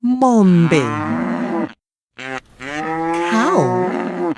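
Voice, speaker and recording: A woman teaching children's vocabulary flashcard-style, saying each word slowly and repeating it. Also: low voice, very animated, crowd noise. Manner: slow, sing-song, repeating each word.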